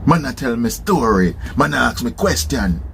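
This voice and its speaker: Man, Jamaican patois accent, casual storytelling, lively pitch, faint background noise. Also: moderate pace, vocal fry. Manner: animated, keeps checking in with "seen?".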